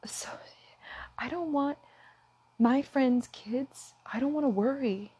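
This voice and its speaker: A woman's voice: high-pitched, slow pace, dark tone, husky. A woman talking straight to her viewers in an earnest, impassioned way, at times close to tears. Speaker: vlogger. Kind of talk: emotional direct-to-camera talk.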